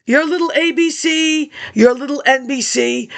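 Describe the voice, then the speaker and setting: A woman's voice: sits high, unhurried, vocal fry, hardly any pauses. A woman rambling through old archive documents in a scattered monologue, answering herself in asides. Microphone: laptop webcam.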